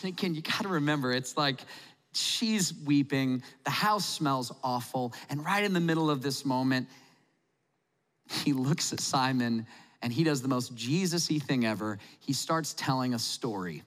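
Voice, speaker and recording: A man's voice: mid-range voice, fairly bright tone. A man preaching a sermon, telling the story in a conversational, humorous way. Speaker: pastor. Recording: long hall reverb.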